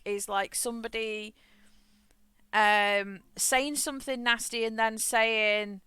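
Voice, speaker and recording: A woman's voice: mid-range voice, steady tone, measured pace, bright, forceful tone, smooth, no echo. A woman streaming a game, chatting frankly, swearing freely and laughing often. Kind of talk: casual chat while gaming.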